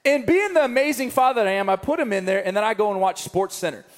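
A young man preaching a sermon, telling a story with animated comic asides. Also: high-pitched, fast talker. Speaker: pastor. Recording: long reverb of a large hall.

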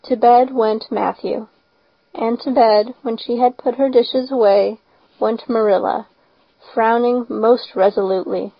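A woman reading a story aloud as audiobook narration, measured and expressive. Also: a little high, creaky, no echo. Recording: slightly dull lo-fi recording.

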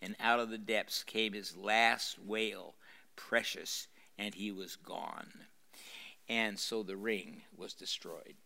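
This older pastor speaks in a lowish, steady, creaky voice with a sharp edge and a slow pace. Reading a novel to a live audience in a university room, he adds dramatic emphasis and breaks off to explain, with plenty of fillers and restarts along the way.

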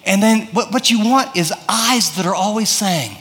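Male pastor, high voice, casual preaching style, long echo of a big room. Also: animated, moderate pace, few pauses, bright, forceful tone. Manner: conversational preaching with acted-out prayers and anecdotes. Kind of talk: sermon.

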